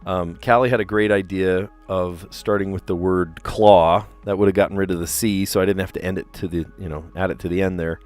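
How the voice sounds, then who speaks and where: A man in his thirties, a teacher, chatting casually on his puzzle livestream, relaxed and chatty with lots of fillers and easy laughs. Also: low voice, a little fast, hardly any pauses, soft background music.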